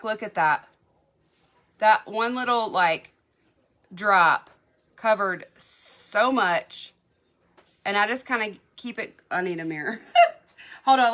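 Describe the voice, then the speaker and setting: Bright-voiced woman gushing over makeup. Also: mid-range voice. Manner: chatty, gushing, answers viewer comments. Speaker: beauty product seller. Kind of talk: live makeup demo chat.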